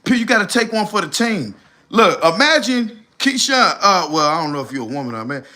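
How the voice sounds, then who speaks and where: A man roasting people on his livestream, animated and loud at times. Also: sits high, a little fast. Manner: animated, shouting impressions. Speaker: streamer host.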